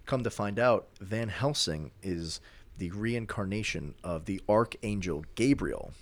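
A man with a very low, deep voice retells a movie plot in casual chat. He rambles, piling up fillers and restarting his sentences as he goes. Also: lively intonation, measured pace, dry recording. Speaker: storyteller recapping a movie.

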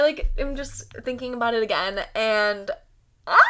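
A young American woman hosts her own solo podcast, chatting casually with lots of "like" fillers and giggles. Her voice is a little high and a bit bright, animated, at normal speed.

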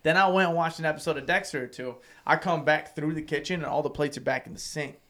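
A man hosting a casual podcast, telling a story bluntly, with lots of swearing and excitement. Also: fairly high pitch, quick pace.

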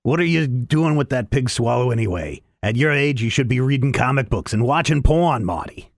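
A man putting on the voice of a gravelly old male mad scientist, drawling his words slowly. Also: medium pitch, expressive, dry recording, clean studio sound. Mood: scornful.

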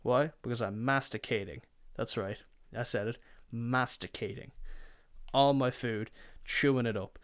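A man's voice: medium pitch, measured pace. A young man hosting a podcast, telling rambling, sweary comedic stories and slipping into put-on voices. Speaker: podcast host. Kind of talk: casual comedic storytelling.

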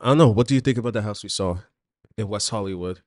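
Chill guy with a lowish voice, podcast cohost just hanging out and laughing a lot, dry studio sound. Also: fast, dry recording. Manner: laid-back, laughs often, trails off mid-sentence. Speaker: podcast co-host. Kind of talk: casual chat.

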